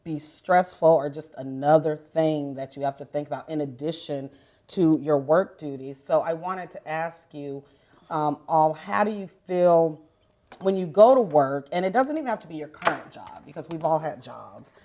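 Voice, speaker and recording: A woman's voice: low voice, moderate pace, warm tone. A woman moderating a panel discussion, affirming the speakers with frequent agreeing interjections.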